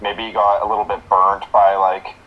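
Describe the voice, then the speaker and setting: A man co-hosting a podcast in casual chat, halting with restarts and the odd swear. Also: fairly low pitch, level tone, highs cut off, crowd noise. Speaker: podcast co-host.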